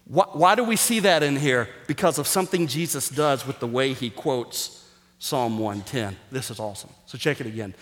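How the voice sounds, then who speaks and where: A man preaching a sermon as pastor, energetic and jokey, sometimes rising almost to a shout for emphasis. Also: medium pitch, moderate pace. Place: church sanctuary. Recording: reverberant hall.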